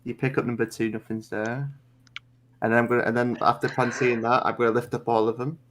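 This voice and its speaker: A man's voice: mid-range voice, little pitch movement, fairly quick, fairly bright tone. A man playing in a casual tabletop game, laying out his character's moves step by step. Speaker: player.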